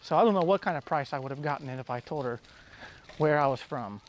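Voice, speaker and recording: A man's voice: on the high side, quick pace. A man from the United States talking casually to camera outdoors, rambling and correcting himself, a little out of breath. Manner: rambling, self-correcting, with light laughs. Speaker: travel vlogger. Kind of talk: casual vlog talk.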